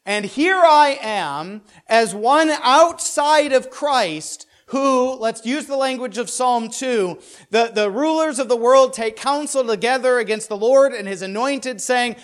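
A man's voice: very high voice, animated, measured pace, a bit bright. A man giving a conversational Bible lesson who keeps asking "right?", adds joking asides and repeats words as he thinks aloud. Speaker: pastor or Bible teacher.

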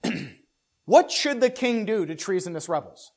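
A man's voice: high voice, animated, normal speed. A man giving a conversational Bible lesson who keeps asking "right?", adds joking asides and repeats words as he thinks aloud. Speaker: pastor or Bible teacher.

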